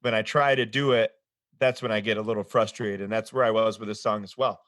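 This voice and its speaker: A man's voice: lowish voice, fairly even intonation, a little fast, a bit bright, no echo, clean studio sound. A man co-hosting a podcast, chatting casually and laughing easily as he talks about his singing range. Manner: chatty and laughing, voice jumps up when amused. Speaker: podcast co-host and singer.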